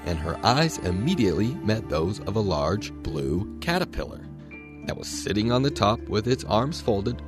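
Expressive low-voiced man reading a storybook. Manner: expressive, dramatic narration.

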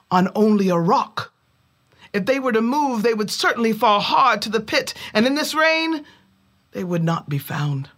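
A woman telling a folk tale in a measured way, with dramatic pauses. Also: mid-range voice. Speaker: storyteller. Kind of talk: oral storytelling.

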